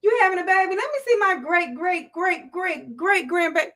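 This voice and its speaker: A woman's voice: extremely high pitch, moderate pace, fairly bright tone, voice pushed up. A woman voicing a doting AI copy of an old grandmother with a Southern US accent, cooing and fussing over a grandchild.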